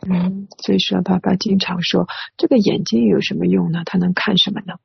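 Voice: medium pitch, steady tone, fairly quick, creaky, slightly rough, no echo. An interpreter rendering a sermon phrase by phrase, hesitant with many filler sounds, on a dry, dull lo-fi recording.

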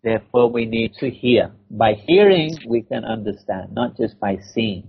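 A man giving a spiritual lecture in short measured phrases with rhetorical questions, pausing for an interpreter, on a dull lo-fi recording. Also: medium pitch, animated, vocal fry, breathy edge.

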